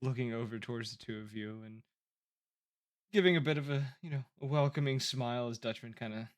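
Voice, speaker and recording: A man runs a tabletop game as game master, describing each scene loosely and filling pauses with ums and kindas. His voice sits at a middle pitch and keeps a relaxed, unhurried flow of narration.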